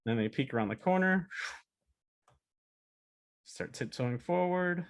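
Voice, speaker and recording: A man giving a casual talk as a storyboard artist, chatty and animated, acting out cartoon pitches. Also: takes it slowly. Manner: animated, chatty, many fillers and laughs.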